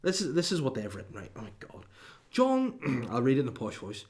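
A man's voice: medium pitch, huge pitch swings, fairly quick. A man, hosting a comedy podcast in a rambling, sweary monologue with mock outrage and lots of restarts.

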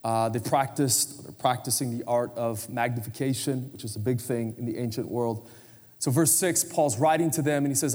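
A man's voice: fairly high pitch, a little mellow, in a large hall. A man in his forties preaching a conversational sermon in a church, prompting the congregation to answer and turn to each other. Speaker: pastor. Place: church sanctuary.

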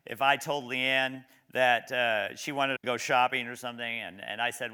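Bright, clear-voiced male preacher. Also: medium pitch. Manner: conversational preaching, asks the congregation questions; reads scripture slowly and emphatically. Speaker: pastor. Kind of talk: sermon with scripture reading.

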